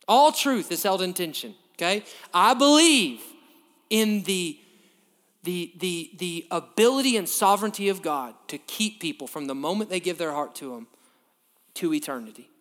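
A man preaching a sermon, emphatic, swinging from quiet to loud and checking in with "okay?". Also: sits high, lively intonation, moderate pace. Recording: long reverb of a large hall.

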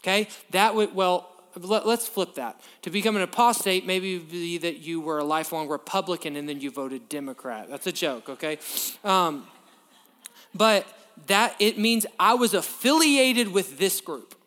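A man preaching a sermon, emphatic, swinging from quiet to loud and checking in with "okay?". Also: sits high, normal speed. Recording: long reverb of a large hall.

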